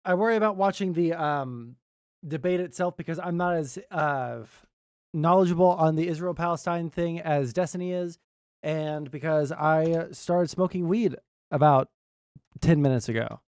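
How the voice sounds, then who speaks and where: A man's voice: on the high side, normal speed, darkish tone, dry recording. Profane, rambling male streamer. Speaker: streamer reacting to videos. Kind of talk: casual reaction commentary.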